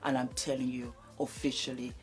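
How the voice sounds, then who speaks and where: A woman's voice: very deep voice, flat delivery, a little fast, soft background music. A woman in her fifties giving an emotional speech, effusive and repeating her thanks over and over. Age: 50s. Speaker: beauty vlogger giving a thank-you speech.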